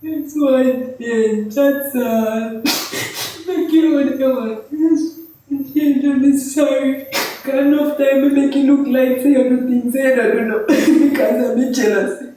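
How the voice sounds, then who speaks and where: A woman with a Jamaican accent venting emotionally on a live stream, ranting and at times shouting. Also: high-pitched, steady tone, takes it slowly, slight background noise. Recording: echoey and distant from the mic.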